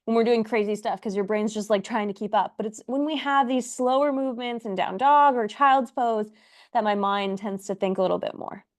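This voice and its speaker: A woman's voice: on the high side, fairly even intonation, a little fast. A young woman teaching a yoga class, cueing breaths and poses in an encouraging, playful way, a little out of breath. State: slightly out of breath. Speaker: yoga instructor. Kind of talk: guided yoga class instruction.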